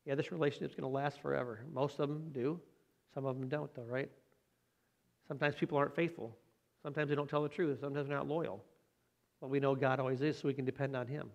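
A man's voice: mid-range voice, fairly even intonation, quick pace, gravelly, muffled recording. Man preaching with rhetorical questions. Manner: conversational, frequent rhetorical tag questions. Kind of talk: sermon.

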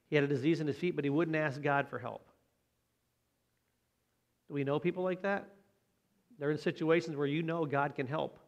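A man preaching a conversational sermon, often asking rhetorical tag questions. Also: a little high.

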